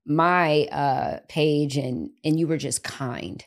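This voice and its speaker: A young woman hosting a casual, heartfelt podcast conversation. Her voice sits very low for a woman. She gushes and circles back over her own words as she talks. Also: steady tone, slow, vocal fry. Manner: effusive, repeats herself and restarts. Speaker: podcast host.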